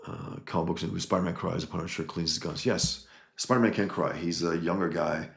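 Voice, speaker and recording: Low gravelly guy ranting on a livestream, echoey room, lots of restarts. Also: fairly even intonation, a little fast. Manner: emphatic, rambling, with restarts. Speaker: livestream host reading chat. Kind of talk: casual livestream chat.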